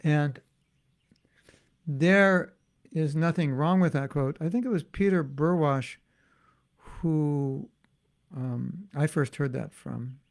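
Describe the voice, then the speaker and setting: Man with a gravelly, fairly high voice. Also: slow, long pauses. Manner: conversational and musing, with frequent restarts and asides. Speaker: spiritual teacher. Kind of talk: informal devotional class talk.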